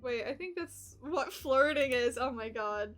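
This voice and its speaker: A young woman streaming a dating game, reading it aloud with excitable, laughing, swearing asides. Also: sits high, unhurried, faint music behind. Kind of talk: live-stream gameplay commentary.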